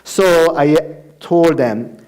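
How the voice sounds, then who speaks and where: Brief: male missionary speaker, church testimony, slightly high voice, laughs through his story. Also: extremely slow, darkish tone, smooth. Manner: storytelling, acts out dialogue, laughs often. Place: church sanctuary.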